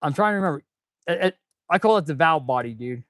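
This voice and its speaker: Fast-talking and expressive, this mechanic and channel host chats with viewers on a live stream while working in his repair shop, saying "dude" and "man" in a laid-back way. His fairly high voice comes through a dry, clean studio recording.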